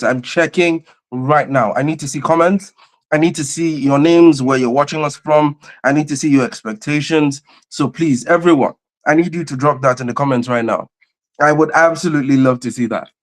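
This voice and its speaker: Energetic man hosting a livestream. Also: mid-range voice. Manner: energetic, repeats phrases, greets viewers by name. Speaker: host and convener of a livestream. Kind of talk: livestream opening chat.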